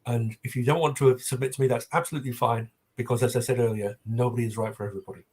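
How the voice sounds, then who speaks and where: Older man, husky; chatty guest storyteller. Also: mid-range voice, fairly even intonation, racing, darkish tone. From South London. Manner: anecdotal, hesitant with many ums. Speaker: literary agent guest. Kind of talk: casual interview chat.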